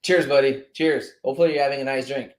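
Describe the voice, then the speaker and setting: A man's voice: mid-range voice, fairly even intonation, fast talker. French-accented man, roomy sound. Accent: Québécois French. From Montreal, Canada. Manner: chatty, easily sidetracked, swears casually. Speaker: livestream host. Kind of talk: casual livestream chat.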